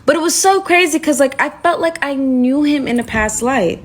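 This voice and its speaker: A young woman telling a dramatic personal story in a chatty, animated way, full of asides. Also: high voice, moderate pace. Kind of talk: casual storytime monologue.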